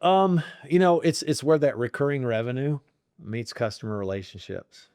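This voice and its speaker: A man's voice: medium pitch, animated, moderate pace, a little mellow, smooth, no room sound, clean studio sound. A middle-aged man, a company CEO, talking in a sit-down interview, rambling with fillers and growing emotional about his family.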